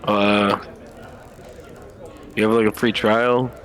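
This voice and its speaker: A man's voice: lowish voice, level tone, slow, fairly bright tone. Dry matter-of-fact male player. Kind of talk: casual chat.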